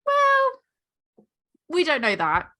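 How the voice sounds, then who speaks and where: A lively American woman co-hosting a casual podcast, her pitch leaping up and down as she talks. She sounds playful and giggly, and she likes to argue a point with a laugh. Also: moderate pace. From United States. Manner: animated, giggly, playful arguing. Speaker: podcast co-host. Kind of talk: casual chat.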